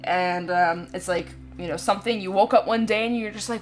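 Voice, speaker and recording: A woman's voice: mid-range voice, a little fast. A woman giving a casual, reassuring tarot reading to her viewers, chatty and full of little check-ins with the listener. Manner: chatty, reassuring, full of "you know" and "right?". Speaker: tarot reader. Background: soft background music.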